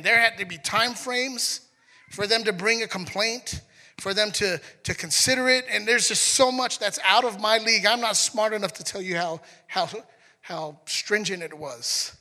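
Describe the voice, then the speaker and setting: A man preaching a sermon in a conversational, animated way, acting out scenes as he goes. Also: high voice, moderate pace, long reverb tail. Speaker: pastor.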